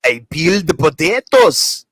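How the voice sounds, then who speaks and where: A man voicing a prim, flustered nerdy young man who speaks in a high, fussy and proper way. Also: big pitch swings, slow pace, fairly bright tone, husky, dry recording, heavily acted, rough recording. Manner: high, fussy and proper, repeats "quite lovely".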